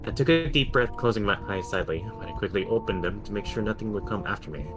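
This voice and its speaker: A man's voice: lowish voice, animated, fast talker, over music. A man dramatically reading a first-person horror story. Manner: dramatic, acting out fear and desperation.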